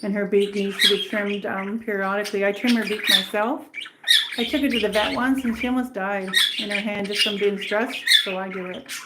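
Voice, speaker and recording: Woman host, casual rambling livestream chat, bird room with birds clearly audible. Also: mid-range voice, fairly even intonation, a little fast. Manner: chatty, rambling, coos at her birds. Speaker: pet channel host. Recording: clear bird noise in the background. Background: birds chirping and squawking.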